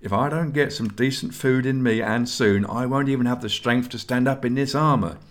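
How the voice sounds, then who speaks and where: A man's voice: mid-range voice, normal speed, voice pushed up, natural voice. A man reading aloud and voicing a plaintive, complaining young male squire in a storybook. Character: young male squire, whiny and self-pitying.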